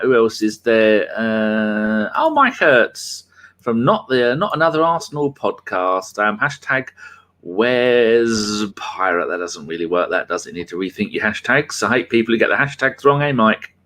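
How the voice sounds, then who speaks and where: A man's voice: on the low side, lively intonation, normal speed, a bit bright. A man hosting a podcast in casual chat, full of rambling banter. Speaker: podcast host.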